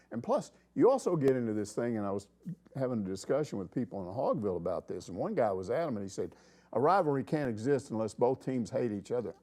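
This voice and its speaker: Opinionated man with a mellow voice. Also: mid-range voice. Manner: rambling, opinionated, acts out quoted people. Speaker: sports talk host. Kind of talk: casual sports chat.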